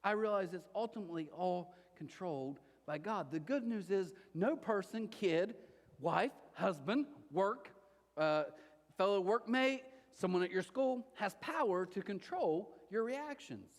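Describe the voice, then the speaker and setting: A man preaching a sermon as pastor, animated and conversational, often acting out quotes. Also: high-pitched, a little slow. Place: church auditorium. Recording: long hall reverb.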